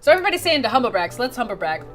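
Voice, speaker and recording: A woman's voice: on the high side, very fast. A woman streaming a video game, reading it aloud and chatting animatedly with her viewers. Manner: animated, talks to her chat directly.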